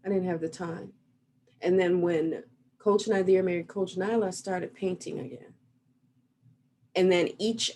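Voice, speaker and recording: A woman's voice: on the low side, a little mellow, slight background noise. A middle-aged woman coach giving a reflective, motivational talk over a video call. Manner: earnest, reflective, guiding listeners through an exercise. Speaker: relationship coach.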